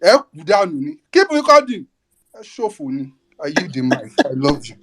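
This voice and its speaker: Nigerian male caller, high-pitched, defiant political rant, fiery and cursing. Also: very animated, normal speed, fairly bright tone, breathy edge. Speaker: caller in a live audio space.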